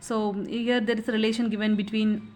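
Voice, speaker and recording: A young woman with a slightly high, darkish voice and little pitch movement patiently teaches an exam revision lesson, methodically recapping each point. She often pauses on "so" and "okay" before moving on, and there's a little hiss or hum in the recording.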